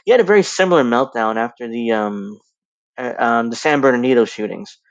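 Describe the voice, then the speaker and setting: A man's voice: medium pitch, brisk, no echo, dull audio. A man giving casual, rambling reaction commentary on a clip, with frequent restarts. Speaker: video commentator.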